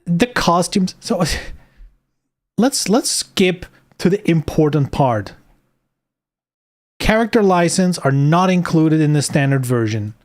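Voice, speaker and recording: A man's voice: on the high side, expressive, a little slow. A man streaming live, reading game news aloud and ranting about it sarcastically, swearing often.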